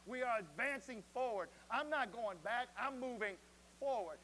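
A man's voice: extremely high pitch, lively intonation, normal speed, sharp tone, slight background noise, poor audio. A man in his forties preaching a sermon as pastor, with emphatic declarations that rise and repeat.

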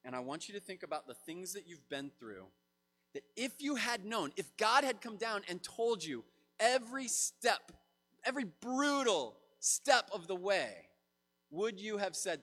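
A man in his thirties preaching a sermon in a casual, animated way, acting out quoted voices. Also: sits high, moderate pace. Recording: long hall reverb.

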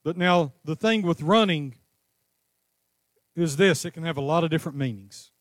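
Male pastor, high-pitched, fervent sermon delivery, dry close mic. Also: moderate pace, no room sound. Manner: impassioned preaching, rising to cries then dropping to a calm teaching tone.

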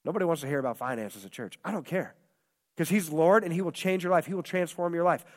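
Male pastor, high voice, passionate sermon, long echo of a church hall. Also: fast. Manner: impassioned, repetitive preaching with quoted voices.

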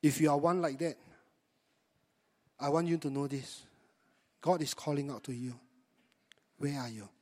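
Pastor preaching in a reverberant hall. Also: male voice, on the high side, unhurried, long pauses, mellow. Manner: conversational, asks the congregation rhetorical questions. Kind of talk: sermon.

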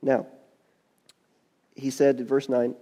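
A man's voice: medium pitch, completely flat delivery, takes it slowly, warm tone. A man preaching a sermon, reading scripture and adding folksy, conversational asides.

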